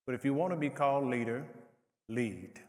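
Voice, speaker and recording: A man's voice: medium pitch, moderate pace. Guy on a panel, straight to the point, echoey hall. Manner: direct, blunt. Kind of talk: conference panel talk. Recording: reverberant conference hall.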